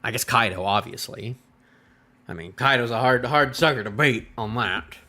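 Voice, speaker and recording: Reacting live to a manga chapter, this man rambles casually and addresses his chat. His voice is medium in pitch and normal in speed, with an animated energy.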